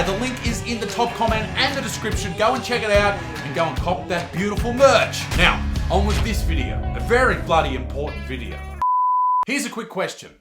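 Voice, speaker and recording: A man with an Australian accent, a comedian hosting his own channel, delivering a profane, animated rant. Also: high-pitched, brisk, echoey room, music in the background. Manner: loud, profane, animated ranting. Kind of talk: ranting reaction vlog.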